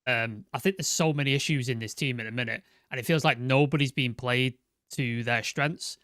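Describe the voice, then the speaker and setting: A man's voice: mid-range voice, normal speed, fairly bright tone, no room sound, clean studio sound. A man, co-hosting a football fan podcast, asking questions in an exasperated, casual way. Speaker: podcast co-host.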